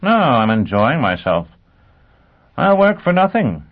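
A man voicing a cold, amused, ruthless spymaster who speaks in a smug, crisp way. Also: medium pitch, animated, moderate pace, natural voice. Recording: tinny phone-like sound.

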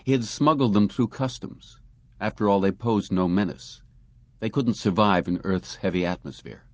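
A man reading a science fiction story aloud as narrator, in measured storytelling. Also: lowish voice, darkish tone, no echo. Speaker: audiobook narrator. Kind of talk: scripted narration.

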